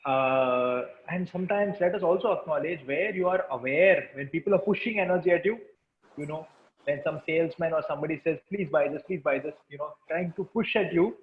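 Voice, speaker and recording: A man's voice: on the high side, brisk, a little hiss or hum. Man guiding a webinar over a tinny call. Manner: calm, repetitive instructions. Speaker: webinar facilitator. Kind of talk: guided energy exercise and group chat. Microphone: video call. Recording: tinny call audio with room echo.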